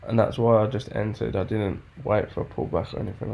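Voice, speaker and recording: Here a man trades while talking himself through it, frustrated and cursing often as he backtests charts. His voice sits fairly low, steady and a bit mellow, with some creak, and he speaks fairly quickly in a muttered running commentary.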